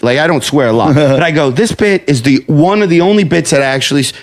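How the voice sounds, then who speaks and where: A man with a slightly raised voice jokes along in a podcast chat between comedians. He interrupts with quick asides and acts out bits of his own stories. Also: on the high side, animated. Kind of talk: casual chat.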